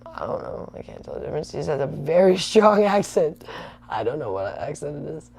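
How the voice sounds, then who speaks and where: A woman's voice: low-pitched, big pitch swings, a little fast, gravelly, a little mellow, breathy edge. A woman in her thirties hosting a livestream, rambling chattily and answering viewer comments. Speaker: livestream host. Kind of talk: casual rambling livestream chat.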